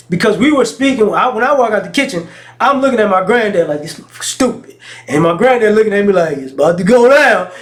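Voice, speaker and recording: A man vlogging in a casual monologue, telling stories frankly in slang and often restarting his sentences. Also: high voice. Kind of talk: casual talking-head monologue.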